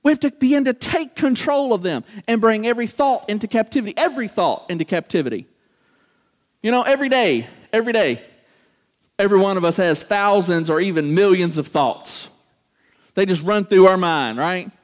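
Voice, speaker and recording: A man's voice: high-pitched, brisk. A man preaching a sermon to a congregation, acting out everyday voices and asking the room questions. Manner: animated, acts out quoted voices, talks to congregation.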